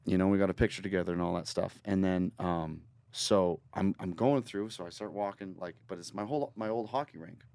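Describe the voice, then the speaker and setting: Low-voiced guy from northern ontario, talks fast and rambly, dry studio mic. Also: dry recording. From Northern Ontario, Canada. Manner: rambling, energetic storyteller with restarts and swearing. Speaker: guest musician. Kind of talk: casual interview storytelling. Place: podcast studio.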